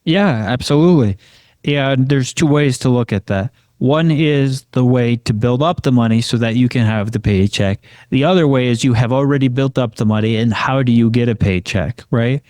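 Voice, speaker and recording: A man's voice: mid-range voice, moderate pace, a little mellow, no room sound. Man co-host, confident finance talk, dry close mic. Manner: confident, tags questions with "right?". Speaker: podcast co-host, financial advisor. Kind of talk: casual explanatory talk.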